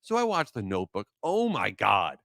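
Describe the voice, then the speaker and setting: Here a podcast host talks on his own show in a loose, excited way, often rambling off on tangents. He has a fairly low, slightly bright voice with vocal fry and huge swings in pitch, delivered at a moderate pace in a dry studio recording.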